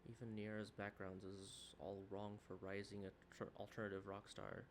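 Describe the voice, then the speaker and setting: A man joking his way through a game in casual let's-play commentary. His voice sits low, and a faint hiss runs underneath. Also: level tone, moderate pace. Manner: joking, wisecracking. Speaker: gamer.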